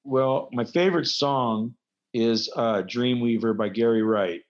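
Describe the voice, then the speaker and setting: A man's voice: medium pitch, unhurried. Rambling man on a dull, lo-fi recording. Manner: rambling, self-deprecating storyteller. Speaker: guest, wrestler. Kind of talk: casual interview chat.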